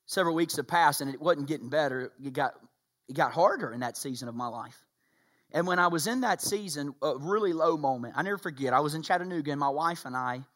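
A middle-aged man, preaching a sermon, swinging between quiet storytelling and loud, shouted passages. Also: on the high side. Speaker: pastor.

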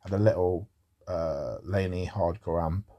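A man's voice: low-pitched, unhurried, warm tone. A man talking in a rambling casual monologue about music, with wry asides.

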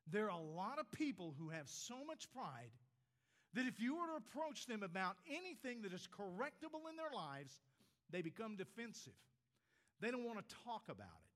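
An older man in his sixties delivers a sermon from the front of a church. His voice sits a little high for a man. He pushes up on his points, then drops low and quiet to land the important words. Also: big pitch swings, normal speed. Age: 60s. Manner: swings between emphatic rises and quiet, low drops on key words. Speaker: preacher.

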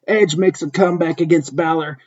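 Husky man reading a wrestling story. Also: on the high side, fairly even intonation, brisk, darkish tone. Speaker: narrator. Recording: dull lo-fi recording.

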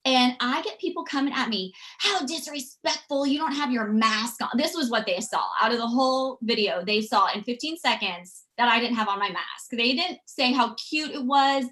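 This is a woman, chatting as a podcast guest. Her voice sits a bit high and sounds bright and forceful. She tells stories in an animated way and acts out the lines of the people in them. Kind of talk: casual storytelling.

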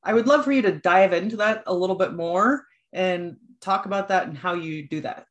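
A woman's voice: on the low side, moderate pace, lo-fi sound. A woman hosting a podcast, introducing her guest and asking eager, enthusiastic questions. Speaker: podcast host.

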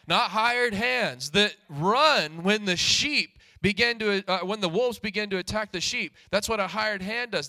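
A high, bright male pastor delivers a sermon, often swelling into shouted calls and hallelujahs. His voice is close and dry with no room sound. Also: dry recording. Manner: preaches with rising shouts and repeated hallelujahs.

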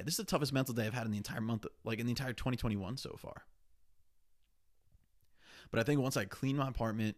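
Gravelly young man rambling on a podcast. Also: mid-range voice. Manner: rambling, profane, candid. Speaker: podcast host. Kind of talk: casual solo podcast monologue.

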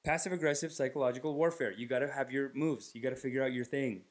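A man's voice: medium pitch, fairly even intonation, fast talker. A man from Canada hosting a podcast, telling rambling comedic stories and swearing freely. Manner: rambling, swearing, acting out bits. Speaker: podcast host. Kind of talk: casual comedic storytelling.

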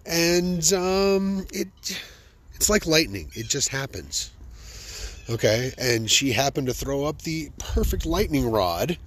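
A man spinning comic stories from his own life in an unhurried, husky voice. His pitch swings all over as he jokes, amused at his own tales. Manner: animated, joking, self-amused. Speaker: podcast host. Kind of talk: comic personal storytelling.

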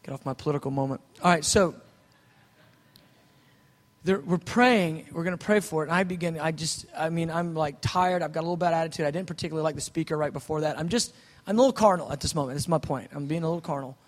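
Guy preaching in a big echoey hall, kinda high voice, goes quiet then loud telling his story. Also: fast. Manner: animated storytelling, swings from soft asides to loud outbursts. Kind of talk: sermon testimony. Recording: long hall reverb.

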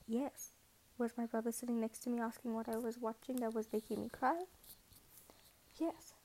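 A young woman talking casually on her podcast, her voice high yet mellow and a little breathy. She rambles and pokes fun at herself, slipping into whispers often. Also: rough recording. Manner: rambling, self-mocking, often drops to a whisper. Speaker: podcast host. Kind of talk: casual monologue.

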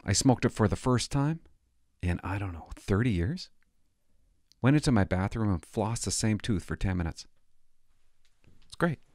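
A middle-aged man doing stand-up comedy, sarcastic and mock-outraged, swinging between loud outbursts and muttered asides. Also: lowish voice, lively intonation, normal speed, long pauses, dry recording, studio quality. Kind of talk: stand-up comedy with ironic reading.

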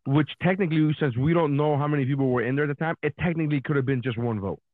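Animated comedian, tinny phone-like sound. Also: male voice, fairly high pitch, rapid-fire, no room sound. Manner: animated storyteller, swears, acts out his own reactions. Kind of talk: casual podcast chat.

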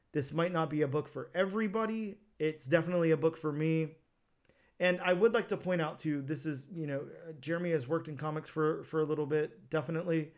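A man co-hosting a casual comics podcast, talking in a rambling way with many restarts. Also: on the high side. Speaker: podcast co-host.

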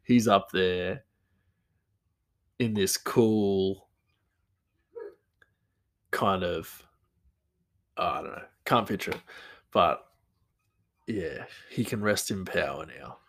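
A man's voice: low-pitched, extremely slow, long pauses, fairly bright tone. A man talking casually on his own, rambling and easygoing, with frequent laughter in his talk. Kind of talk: casual monologue.

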